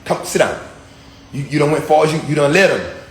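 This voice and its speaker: A man voicing God as a calm, stern, fatherly male deity, giving repetitive, slangy commands. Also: fairly high pitch, fairly quick, voice pushed down. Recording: echoey room, faint ambient hum.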